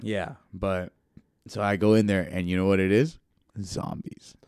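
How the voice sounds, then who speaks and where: A young man chatting on a podcast in a laid-back storytelling manner, his voice smooth and somewhat low. The mic is close and dry, with no room sound. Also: fairly even intonation, darkish tone, dry recording. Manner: laid-back storytelling, quick to laugh, mimics people he quotes. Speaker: podcast co-host. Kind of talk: casual podcast chat.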